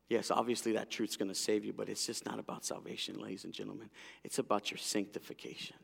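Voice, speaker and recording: A middle-aged man preaching a sermon as a pastor, an animated storyteller whose lively delivery drops to hushed intensity. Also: fairly low pitch, a little fast, creaky. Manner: animated storyteller, acting out voices. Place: large church hall. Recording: long hall reverb.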